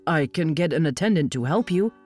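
A woman's voice: sits low, expressive, a little fast, a little mellow, soft background music. A woman reading the part of a formal, earnest male elf escort, grave and courteous.

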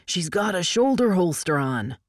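A woman narrator voicing a rough male guard who barks orders harshly, in an audiobook reading. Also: fairly low pitch, very animated, normal speed, no room sound, studio quality. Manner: barking, gruff.

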